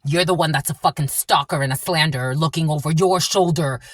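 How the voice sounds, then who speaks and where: A woman's voice: low voice, fairly quick. A woman giving a tarot reading who swears often and repeats herself bluntly. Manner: profane, blunt and repetitive. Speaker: tarot reader. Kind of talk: angry spiritual tarot reading.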